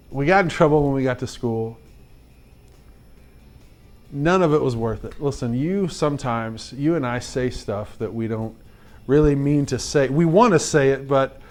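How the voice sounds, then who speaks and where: A man teaching fifth graders through a lively personal story. His delivery is chatty and animated, full of "like" and quick asides to the class, and his voice sits in a middle register. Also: mid-range voice. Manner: animated, chatty storytelling with repeated "like" and direct questions to kids.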